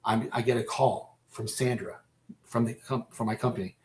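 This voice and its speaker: Man, radio guest, emotional, halting, stop-start speech, average pitch. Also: fairly even intonation. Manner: halting, repeats and restarts phrases; emotional, close to breaking down. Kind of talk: personal storytelling in a radio interview.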